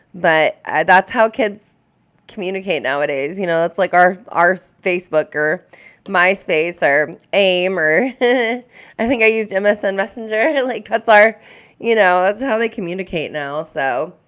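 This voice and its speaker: A woman's voice: lowish voice, a little slow, smooth. A woman in her thirties chatting casually on a live stream, rambling and openly emotional, with lots of filler words. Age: 30s. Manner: warm and openly emotional toward viewers. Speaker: live streamer answering viewer questions.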